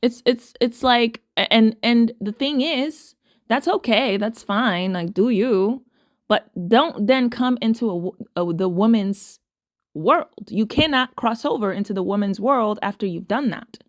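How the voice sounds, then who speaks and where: A woman with a fairly high voice gives casual commentary straight to her viewers. She is emphatic and keeps repeating words to drive them home. The sound is close and dry. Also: unhurried, no room sound. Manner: emphatic, repeats phrases for stress. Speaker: commentary host.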